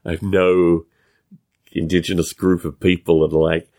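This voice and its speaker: Male podcast host with a non-American English accent, solo monologue, low and gravelly, thinks aloud with restarts. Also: level tone, dark tone. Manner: musing, halting, with frequent restarts.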